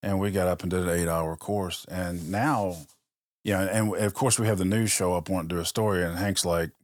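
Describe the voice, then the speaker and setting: A man's voice: low voice, steady tone, fairly quick, dry recording, clean studio sound. A man, a police officer guest on a podcast, telling stories in casual chat and acting out the dialogue he quotes.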